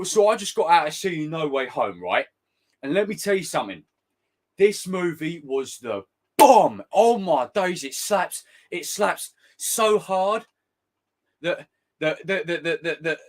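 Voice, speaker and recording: A young man ranting casually on a live stream, swearing freely and slipping into quick impressions. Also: fairly high pitch. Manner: animated, swearing, jumps into impressions.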